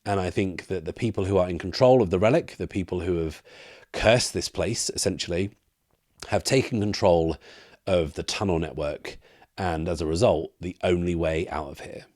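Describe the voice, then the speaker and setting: A man's voice: low voice, normal speed, a little mellow, no echo, studio quality. A man narrating a solo tabletop role-playing game, thinking aloud with fillers and restarts.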